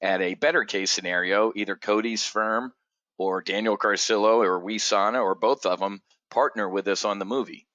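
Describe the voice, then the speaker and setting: Animated man telling a story with a bright, forceful voice. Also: normal speed, no room sound. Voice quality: animated, swears freely, acts out others' voices in high pitch. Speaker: trading community host. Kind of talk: casual storytelling monologue.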